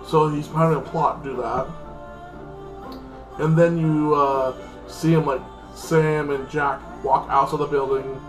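A man's voice: a little high, little pitch movement, a little slow, echoey room, soft background music, poor audio. A man hosting his own channel, recapping a TV episode in a casual, rambling way, full of fillers. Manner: rambling, heavy with fillers like "like" and "freaking". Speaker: channel host reviewing a TV episode.

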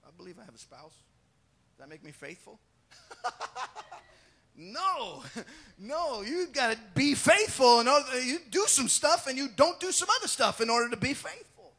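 A male pastor preaching an animated sermon, acting out Bible scenes and joking with the congregation. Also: extremely high pitch, gravelly. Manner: animated, acts out the Bible scenes in quick voices and shouts; jokes with the congregation.

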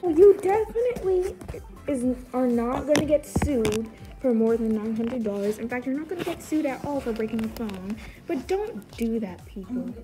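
A woman's voice: fairly high pitch, animated, moderate pace, music in the background. A woman casually reading aloud her own childhood book and adding amused, mocking, incredulous comments on it.

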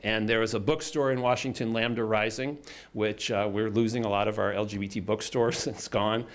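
A man from the United States giving a keynote speech, telling a personal story in a halting way with many fillers and restarts. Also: on the low side, steady tone. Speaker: keynote speaker. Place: indoor event hall.

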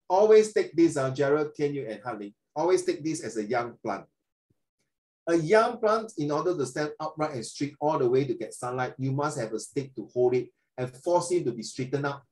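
An older man, teaching a lesson in a chatty, animated way and dropping in Chinese tag words. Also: medium pitch, rough recording. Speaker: tutor. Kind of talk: online English lesson.

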